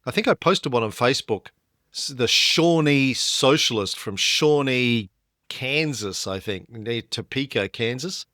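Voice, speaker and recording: Guy explaining history on a podcast, kinda halting w/ lots of ums, dry no-room sound. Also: mid-range voice, expressive, sharp tone, dry recording. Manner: explanatory, hesitant with fillers. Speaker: podcast co-host.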